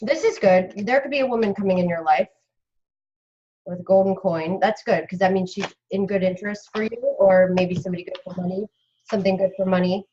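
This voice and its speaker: A woman's voice: medium pitch, fairly quick, a little mellow, highs cut off, a little hiss or hum. A woman doing an astrology reading on a casual live stream, blunt and chatty, with casual swearing. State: cold, shivering. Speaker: astrology reader.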